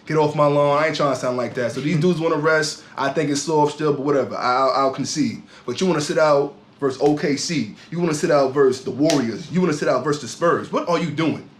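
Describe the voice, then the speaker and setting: A man's voice: fairly high pitch, fast, hardly any pauses, roomy sound, slight background noise. A man co-hosting a sports podcast, ranting heatedly in casual talk and often repeating his words. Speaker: podcast co-host.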